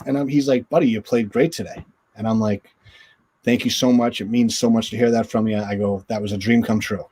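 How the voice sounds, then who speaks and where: A man's voice: mid-range voice, fairly quick, slightly rough. A middle-aged man, a former hockey goalie, telling stories as a guest on a video call interview, acting out quotes with a raised voice. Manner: animated, acts out quotes in raised voice. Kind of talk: storytelling in an interview.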